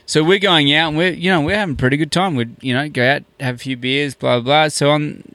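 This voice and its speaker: A man spins a casual story as a podcast guest, his voice gravelly yet smooth and resonant. He acts out each quoted exchange with a lot of "I'm like." The sound is dry and close. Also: a little high, quick pace, dry recording. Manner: animated, acts out quoted dialogue with many "I'm like".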